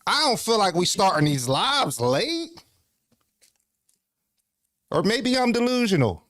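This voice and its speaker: A man catches his breath as he chats loosely to his livestream audience. His voice sits a little high and the sound is dry and close. He curses casually and keeps restarting his sentences. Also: wildly swooping pitch, slow, long pauses, a bit bright, no room sound. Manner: loose, profane, rambling with frequent restarts. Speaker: livestream host.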